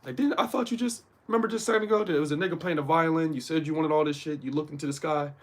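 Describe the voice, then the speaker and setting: A man's voice: a little high, steady tone, very fast. A man hosting a casual livestream motivational talk, slangy and profane, who keeps checking in with his listeners. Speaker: host.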